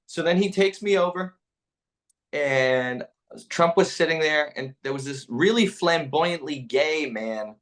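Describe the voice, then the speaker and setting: Animated male comedian telling a story. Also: fairly high pitch, a little slow. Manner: animated, acts out quotes with voices. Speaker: comedian and podcast guest. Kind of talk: casual storytelling.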